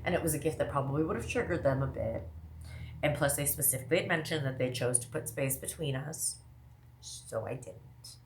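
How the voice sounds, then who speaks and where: A woman from the American Midwest talking casually to her viewers, rambling fast with lots of asides and self-interruptions. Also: low-pitched, lively intonation, a little hiss or hum. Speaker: vlogger. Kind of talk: casual monologue to camera.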